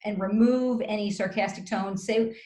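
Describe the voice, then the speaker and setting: A woman giving communication advice as an interview guest, explaining step by step in a measured way with deliberate pauses, over a video call. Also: medium pitch, steady tone, dark tone. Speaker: communication skills guest expert. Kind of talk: coaching advice in conversation. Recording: roomy echo.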